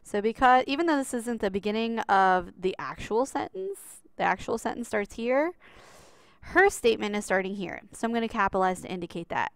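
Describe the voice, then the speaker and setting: A woman's voice: medium pitch, lively intonation, a little fast, creaky, no echo. A woman teaching a writing lesson, patient and explanatory, stressing the key rules as she walks through examples. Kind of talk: classroom writing lesson over slides.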